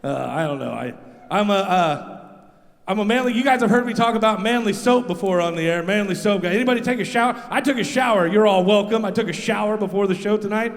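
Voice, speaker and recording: A man with a high voice works the crowd loudly in rambling stand-up, shouting out to the audience between stories. The long reverb of a big live hall trails every line. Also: fast talker. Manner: loud, crowd-rousing, rambling. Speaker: radio show host doing stand-up. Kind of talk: stand-up comedy. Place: live stage in a large venue.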